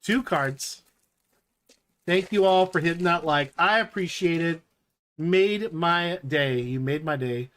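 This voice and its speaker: Slow-talking enthusiastic card break host. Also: mid-range voice, a bit bright. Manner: chatty, enthusiastic, reading out cards as they appear. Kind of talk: live card-opening stream commentary.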